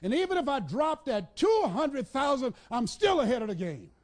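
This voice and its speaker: A man giving a motivational speech to a live audience, in a preacher-like cadence that builds with repetition and breaks into shouts, telling the crowd to repeat after him. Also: very high-pitched, sing-song, normal speed. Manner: commands the audience to repeat and write things down. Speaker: motivational speaker.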